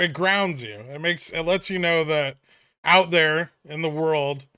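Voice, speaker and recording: A man chatting casually on a trading livestream, with a fairly high, bright and forceful voice. He rambles loosely, dropping dry sarcastic jokes and filler words. The sound is close and dry, with no room echo. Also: smooth. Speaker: streamer host of a stock trading livestream.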